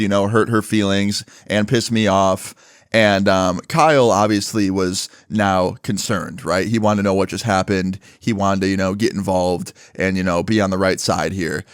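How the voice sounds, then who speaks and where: A man casually telling a story from his school days, animated and swearing freely with lots of fillers. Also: lowish voice, no echo, studio quality.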